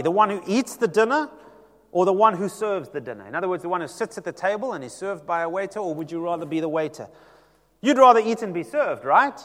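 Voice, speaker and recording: A male pastor preaching a sermon, telling the story with lively acted-out dialogue. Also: high voice, in a large hall. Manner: animated storytelling, acting out quoted voices.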